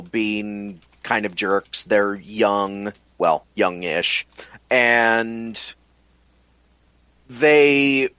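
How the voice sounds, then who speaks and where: A man's voice: mid-range voice, a bit bright, clear, resonant tone, no room sound. A man co-hosting a casual podcast, retelling a film plot step by step and drawing words out for emphasis. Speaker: podcast co-host.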